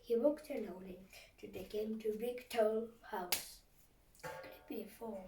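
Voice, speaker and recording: A woman reading a fairy tale aloud, often in a hushed whisper, with a dramatic manner. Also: medium pitch, slow pace. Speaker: storyteller. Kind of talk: storybook narration, often whispered. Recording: echoey room, far from mic, faint hiss.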